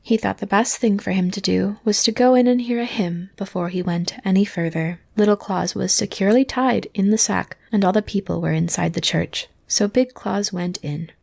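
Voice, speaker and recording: A woman reading a fairy tale aloud in a soft, hushed bedtime voice, as whispered role-play. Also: mid-range voice, normal speed, creaky, few pauses. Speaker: storyteller.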